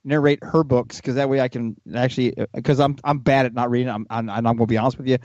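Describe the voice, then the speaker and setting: A man's voice: medium pitch, level tone, fast talker, a little mellow, dry recording, highs cut off. A man in his fifties with a Southern accent, co-hosting a radio show, blunt and joking, with casual swearing. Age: 50s. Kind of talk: casual chat.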